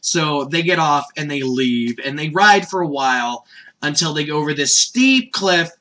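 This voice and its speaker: Chatty, bright-voiced male anime reviewer. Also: a little high, lively intonation, moderate pace. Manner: rambling, chatty, laughs often. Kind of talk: casual episode recap.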